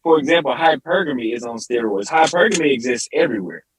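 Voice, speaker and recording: A man's voice: medium pitch, animated, fast talker, breathy edge, no room sound, rough recording. A man as a podcast guest in a heated debate, insistent, stumbling over restarts.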